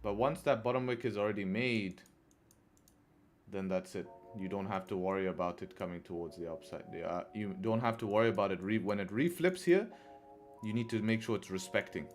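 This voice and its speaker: A man's voice: on the low side, fairly quick, soft background music. Chatty man streaming live trades. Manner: chatty, addresses viewers as guys, laughs often in frustration. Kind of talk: live trading commentary.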